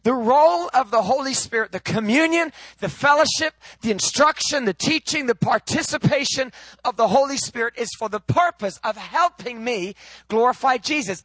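A man preaching a sermon, swinging from loud, high proclaiming to low, quiet, intimate teaching. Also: dry recording.

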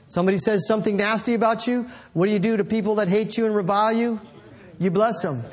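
A man preaching a sermon in an animated, conversational way, calling out to the congregation. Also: sits high, fast talker.

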